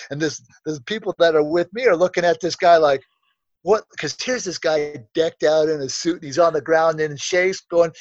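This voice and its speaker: A self-assured man tells a rambling story, restarting sentences and wandering into asides. His voice sits a bit high for a man. The recording is dull and dry, with a lo-fi sound and no room echo. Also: normal speed. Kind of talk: casual storytelling in a conversation.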